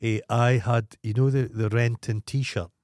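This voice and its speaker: A man's voice: mid-range voice, fairly even intonation, unhurried, darkish tone, dry recording, studio quality. A Scottish man co-hosting a podcast, telling rambling, profane anecdotes in casual chat. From Scotland. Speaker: podcast co-host.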